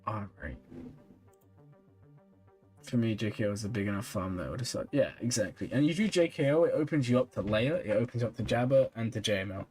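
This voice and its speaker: A man's voice: lowish voice, brisk, soft background music. Tired, chatty male streamer. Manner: relaxed, chatty, reads and answers chat comments with small laughs. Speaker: streamer reviewing viewers' game accounts. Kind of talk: casual live-stream chat.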